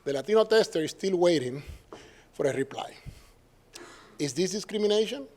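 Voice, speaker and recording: A man's voice: sits high, lively intonation, moderate pace, darkish tone. A man from Puerto Rico with a Puerto Rican Spanish accent, giving an academic lecture at a symposium in a conversational way, often tagging his points with questions and acting out quoted dialogue. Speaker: professor giving a symposium talk.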